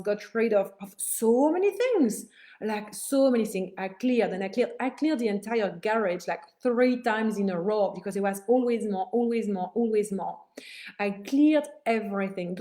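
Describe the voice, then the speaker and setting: A woman spiritual teacher giving an emphatic, animated motivational talk with a lilt. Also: mid-range voice. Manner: emphatic, animated, swears casually.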